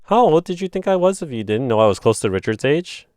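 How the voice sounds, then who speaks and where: A streamer in his twenties chats casually with viewers while building a model kit, speaking fast in a smooth voice. He tells animated stories, swears, and imitates his friends in a higher voice. The studio-quality audio has no echo.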